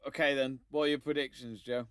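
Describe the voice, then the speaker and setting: A man hosting a casual sports chat show, upbeat and animated as he presents. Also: mid-range voice, a little fast, clear, resonant tone, dry recording, clean studio sound. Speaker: host.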